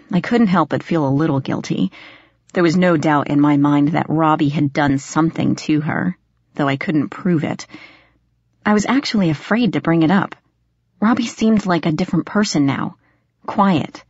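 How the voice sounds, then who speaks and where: A woman reading a first-person audiobook with steady, expressive storytelling. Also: lowish voice, no room sound, highs cut off. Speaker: audiobook narrator.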